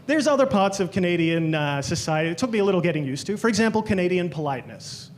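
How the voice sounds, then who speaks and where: A high-pitched Australian man performs stand-up from a comedy club stage. He tells animated stories and slips into exaggerated voices to quote people. A faint room hum sits under his voice. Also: quick pace. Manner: animated storytelling, quoting others in exaggerated voices.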